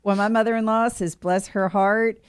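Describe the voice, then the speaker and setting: A woman's voice: mid-range voice, fairly even intonation, moderate pace, clear, resonant tone, no room sound, studio quality. A woman co-hosting a radio talk show, chatting playfully and reading listener texts aloud. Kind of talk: casual radio chat.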